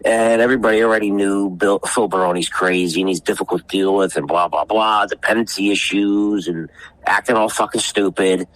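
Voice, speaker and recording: A man's voice: on the low side, fairly even intonation, fairly quick, fairly bright tone, poor audio. A man, telling stories in a casual podcast chat. He rambles, swears freely and restarts sentences often. When he quotes people, he acts them out in a raised voice. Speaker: guest storyteller.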